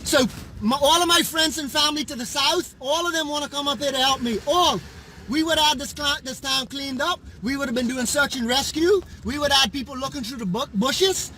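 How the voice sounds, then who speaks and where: A Bahamian man with a hoarse voice, angrily describing storm damage around town in urgent, repeated bursts. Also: extremely high pitch, fairly quick, bright, forceful tone. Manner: agitated, urgent, repeats himself. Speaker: local resident filming storm damage. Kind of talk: angry walking commentary.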